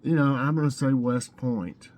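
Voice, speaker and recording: A Tennessee man with a mid-range, darkish voice hosts a casual morning trivia vlog at a normal pace. He chats and muses while reading out the questions, the options and the answers.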